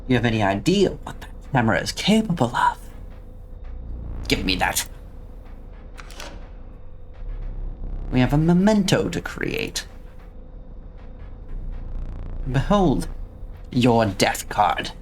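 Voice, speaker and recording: A streamer putting on a slow, unsettling voice for a sinister male game master while reading game dialogue aloud. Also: mid-range voice, sing-song, a little hiss or hum. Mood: menacing. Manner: slow, theatrical, unsettling delivery.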